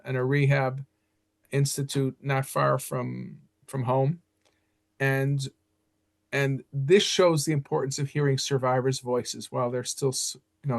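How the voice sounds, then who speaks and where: An older man from Chicago, a guest historian, telling stories in an animated way in a podcast interview. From Chicago, USA. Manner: animated storyteller, leaps up in pitch when excited.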